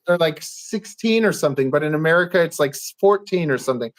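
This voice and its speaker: A man talks loosely as a guest on a podcast. His voice sits high, and he rambles from point to point, laughing often and slipping into quick impressions of what people said. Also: animated. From Canada. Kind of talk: casual chat.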